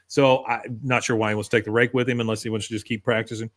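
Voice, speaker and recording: A man's voice: fairly even intonation, fast talker, fairly bright tone. Casual man recapping a cartoon episode. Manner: retells scenes, quoting characters with raised pitch. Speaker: podcast co-host.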